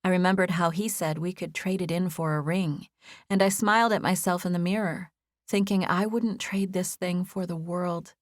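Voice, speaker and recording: A woman with a lowish voice reads a first-person novel aloud in a gentle, expressive way. The recording is close and dry, with no room sound, and she stays measured and warm in her storytelling. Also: no room sound. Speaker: audiobook narrator. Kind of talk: scripted first-person narration.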